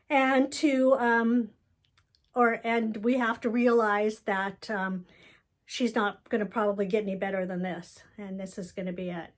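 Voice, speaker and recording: A woman's voice: medium pitch, fairly even intonation, normal speed. A woman giving a candid, rambling personal video update about her family, telling the story with emotion.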